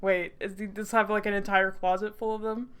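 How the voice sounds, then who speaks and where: A woman's voice: mid-range voice, flat delivery, a little fast, fairly bright tone, smooth. A young woman streamer, giddy and swearing freely, reacting to and reading a story game aloud with lots of laughter. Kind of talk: excited let's-play commentary and reading aloud.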